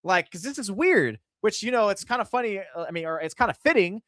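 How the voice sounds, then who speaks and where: A man co-hosting a casual sports podcast, talking quickly and laughing often as he acts out quotes. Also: sits high, lively intonation, a bit bright, no room sound, studio quality. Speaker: podcast co-host.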